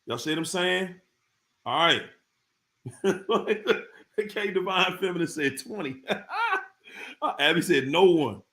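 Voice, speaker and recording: A man's voice: sits high, lively intonation, slow, long pauses, fairly bright tone. A man hosting a casual live stream, talking straight to his viewers in informal slang and repeating his points for emphasis. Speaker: live-stream host talking about narcissists.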